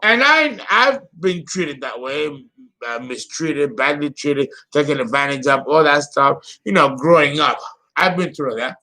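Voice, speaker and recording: A man's voice: on the high side, expressive, a little slow, pushed and bright. A man in his fifties giving a theatrical, exclamatory solo astrology talk. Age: 50s. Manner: dramatic, exclamatory, laughing.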